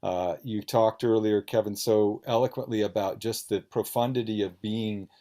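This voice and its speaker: A man's voice: on the low side, fairly even intonation, normal speed, warm tone. A man interviewing a fellow author at a book event, speaking in an earnest, emphatic, talkative way over a video call.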